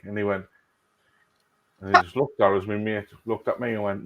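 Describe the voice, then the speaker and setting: A man's voice: on the low side, little pitch movement, unhurried, long pauses, a bit bright. A man with a North East English accent telling a casual anecdote on a video call. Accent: North East England. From North East England. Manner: laughs at his own stories. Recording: dull, lo-fi video call audio.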